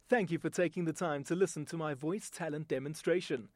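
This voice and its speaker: A man's voice: a little high, fairly quick, hardly any pauses, a little mellow, no room sound. A man closing his voice demo reel in a polite, formal way. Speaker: voice actor.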